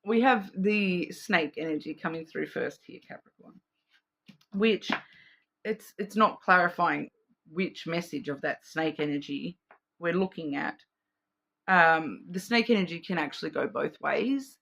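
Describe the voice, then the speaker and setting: A woman's voice: on the low side, unhurried, gravelly, a bit bright. Rambling Australian woman reading cards. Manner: rambling, hesitant, many fillers and restarts. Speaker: card reader. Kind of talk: casual intuitive card reading.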